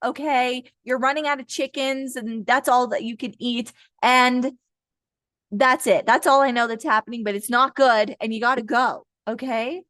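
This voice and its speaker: A young woman giving a casual live tarot reading, blunt and profane, who breaks into quick high-pitched voices to act out her listeners. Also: steady tone, fairly bright tone, no echo, clean studio sound. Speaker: tarot reader.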